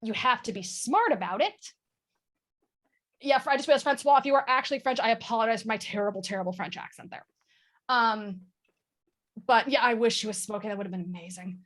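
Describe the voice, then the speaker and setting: Woman, guest, candid, self-mocking, video call, slightly high voice. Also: a little fast, pauses often, fairly bright tone. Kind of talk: casual chat on a video call.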